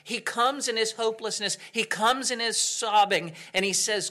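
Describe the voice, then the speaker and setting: A male pastor preaching a sermon earnestly, with dramatic pauses and swings from loud to hushed. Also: high voice.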